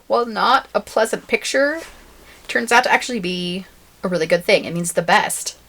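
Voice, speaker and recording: A woman's voice: mid-range voice, animated, moderate pace, fairly bright tone. A woman co-hosting a podcast in casual chat, laughing often and sharing facts she has looked up. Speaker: podcast co-host.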